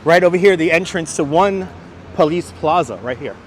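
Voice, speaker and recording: A man's voice: on the high side, animated, moderate pace. A middle-aged man from New York with a light New York accent, chatting to viewers and answering their comments as he walks city streets, on a wireless clip-on mic. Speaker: livestreamer. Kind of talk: walking livestream chat. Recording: faint street noise outdoors.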